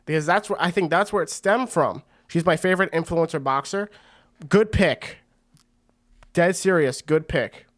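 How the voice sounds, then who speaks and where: Excitable, slangy man calling fights. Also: a little high, normal speed. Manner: excitable and rambling, slangy with frequent "bro". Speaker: watch-party host. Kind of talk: casual fight commentary on a livestream.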